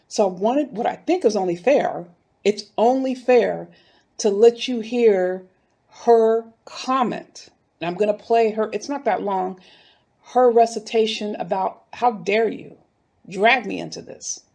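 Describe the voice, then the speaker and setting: A woman's voice: on the high side, darkish tone, breathy edge. A woman giving a heated, indignant commentary, talking straight to her viewers. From North Philadelphia. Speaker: YouTube commentator. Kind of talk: casual commentary video.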